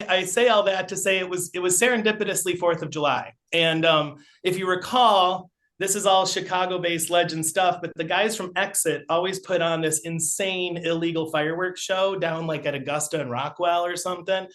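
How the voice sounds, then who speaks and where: High-voiced man telling rambling stories. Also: normal speed, few pauses. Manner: rambling, animated anecdotes with many fillers. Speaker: podcast guest. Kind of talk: casual storytelling.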